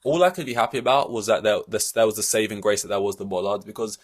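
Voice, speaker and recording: A man's voice: fairly low pitch, fast. Exasperated rambling man. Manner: exasperated, rambling, many fillers and restarts. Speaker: podcast host. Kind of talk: solo podcast rant.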